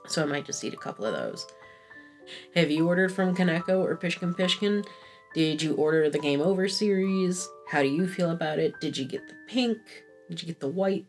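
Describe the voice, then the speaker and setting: A woman in her thirties chatting through a casual review vlog, candid, rambling and self-deprecating, with frequent swearing. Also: low voice. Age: 30s. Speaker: fashion vlogger.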